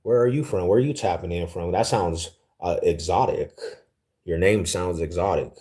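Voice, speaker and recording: A man's voice: sits low, normal speed, warm tone. A young man from Denver hosting a livestream, chatting casually and reading viewer comments aloud in a laid-back, slangy way that is easily amused. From Denver, Colorado, US. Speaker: livestream host.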